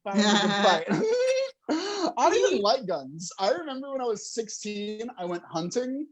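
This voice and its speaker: Young male stand-up comic, animated delivery, chuckles through his set, works the crowd. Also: sits high, normal speed. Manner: animated, laughs between jokes, crowd work. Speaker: stand-up comedian.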